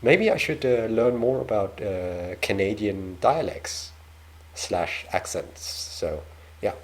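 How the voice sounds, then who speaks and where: A young Danish man with a Danish accent reacts on camera in a relaxed chat. His voice is low and his pace slow. He hesitates often, fills pauses with ums, and pokes fun at himself. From Denmark. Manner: hesitant, self-deprecating, lots of fillers. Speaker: reaction video host. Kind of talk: casual reaction commentary.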